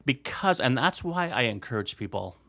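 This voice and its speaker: A man's voice: medium pitch, moderate pace, gravelly, dry recording. A man guest on a podcast, chatting casually with lots of laughter and playful voices. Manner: animated, laughs often, slips into silly voices. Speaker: podcast guest, former improv player. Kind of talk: casual conversation.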